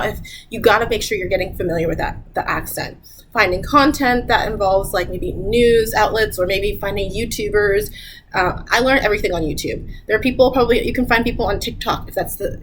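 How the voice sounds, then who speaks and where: Chatty woman giving travel advice. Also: rough recording. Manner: chatty, laughs often, repeats "I'm gonna tell you right now"; lively, jumps up in pitch when mimicking people. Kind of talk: casual talk to camera giving travel advice.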